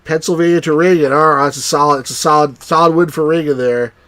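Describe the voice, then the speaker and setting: A man from New Jersey chatting wryly through a live game stream, now and then cheering out loud. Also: on the high side, quick pace, no echo. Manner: chatty, wry, bursts into excited cheers. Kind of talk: live let's-play commentary.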